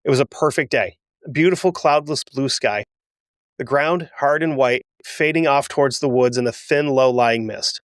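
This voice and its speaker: A man's voice: medium pitch, normal speed, dry recording, clean studio sound. A man hosting a history podcast, reading aloud a first-hand wartime account and breaking off for emotional, self-deprecating asides. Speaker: podcast host.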